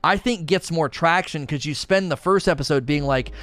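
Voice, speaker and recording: A man in his thirties hosting a casual TV review chat, rambling with restarts and doing animated voices when retelling family moments. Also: fairly high pitch, moderate pace, dry recording. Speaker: show host reviewing TV.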